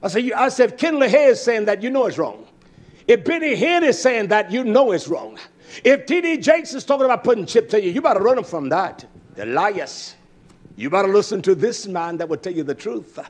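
A male preacher delivers his sermon in a high, sing-song voice that leaps all over the place at a fairly quick clip. He speaks emphatically, swelling into loud bursts before sinking to low murmurs, and he keeps putting direct questions to his congregation.

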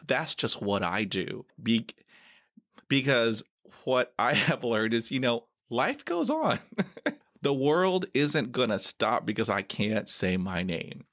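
This podcast host conducts a conversational interview in a slow, lively manner. His speech carries a stutter with frequent repetitions and blocks, and his frequent laughter sends his pitch leaping.

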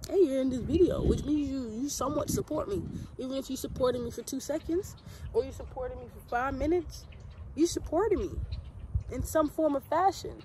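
A woman's voice: high-pitched, normal speed. A young woman vlogging outdoors in nature, chatting playfully and straight to her viewers. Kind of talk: casual chat to camera. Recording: outdoor camera audio with clear background noise.

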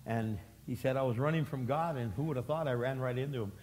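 A man preaching a sermon as pastor, telling stories with acted-out voices and sudden loud emphatic bursts. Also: mid-range voice, fast talker, slight background noise. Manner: animated storytelling, acting out voices, jumps to loud emphatic peaks. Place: church sanctuary. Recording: long hall reverb.

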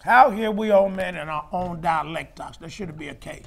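A man preaching and teaching scripture, emphatic, rising to shouts and spelling out words. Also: sits high, moderate pace, gravelly. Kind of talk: sermon-style Bible teaching.

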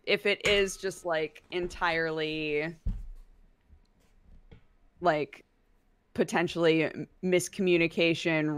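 A woman's voice: low voice, fairly bright tone, clean tone. A woman co-hosting a podcast, chatting casually with many fillers and laughing asides. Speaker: podcast co-host. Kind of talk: casual chat.

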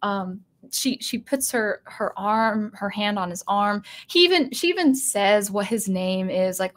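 A woman hosting a spoken commentary video, animated and given to restarts, who acts out the lines she quotes. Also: mid-range voice, a little slow, few pauses.

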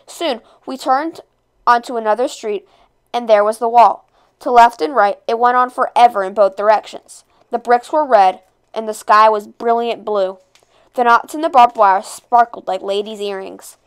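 A woman reading a novel aloud, expressive, with occasional slips and rereads. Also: a little high, moderate pace, clean tone. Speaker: read-aloud narrator.

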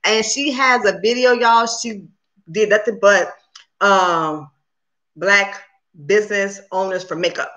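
A woman hosting a livestream, chatting casually with her viewers and talking very fast. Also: medium pitch, fairly even intonation, fairly bright tone, highs cut off. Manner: talks very fast; chatty and upbeat, addresses viewers as "y'all". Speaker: cooking channel host on a livestream. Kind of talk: casual chat with live viewers.

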